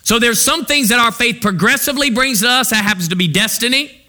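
A male pastor delivers a sermon in a high, strikingly bright voice. He preaches by posing fill-in-the-blank questions to his congregation. His delivery stays sharp and forward throughout. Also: brisk.

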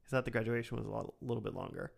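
A man's voice: on the low side, rapid-fire, creaky. A man co-hosting a podcast, recapping an episode in rambling casual chat with many fillers. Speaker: podcast co-host recapping a cartoon.

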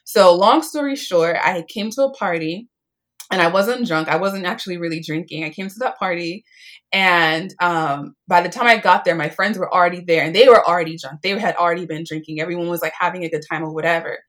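A woman in her twenties tells a story casually, chatting away with lots of "like" and acting out the voices of the people she quotes. Her voice is fairly low in pitch, a little fast, and a bit bright.

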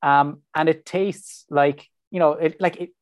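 A man's voice: a little high, fairly even intonation, measured pace, no echo, lo-fi sound. A young man from Ireland, a PhD researcher, chatting casually in an interview with lots of fillers and restarts. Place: home.

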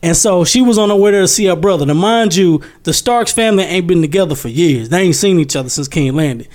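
High-voiced man retelling a story animatedly. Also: quick pace. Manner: animated storytelling, repeats phrases for effect. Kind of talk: casual chat.

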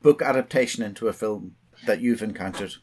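A man's voice: lowish voice, brisk, a little mellow, slight background noise. A man hosting a podcast, asking questions with a dry teasing manner. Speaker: podcast host. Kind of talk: casual chat.

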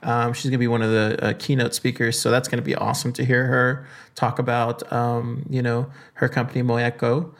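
A man with a gravelly, creaky edge to his voice hosts a podcast on his own. He talks casually and rambles, with plenty of ums and restarts, at an ordinary pitch. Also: little pitch movement, fairly quick, hardly any pauses. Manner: loose and chatty with many fillers. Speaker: podcast host. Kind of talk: casual solo podcast talk.

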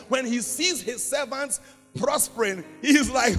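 A pastor with a very high-pitched, fairly bright voice preaches a little slowly, emphatic and repetitive, until his sermon swells into chanted prayer. Soft music plays behind him, and long hall reverb fills the recording.

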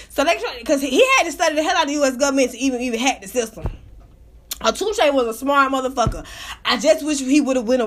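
Very high-pitched, bright, brash woman podcaster. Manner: brash, profane, laughing storyteller. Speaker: podcast host. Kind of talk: casual commentary podcast.

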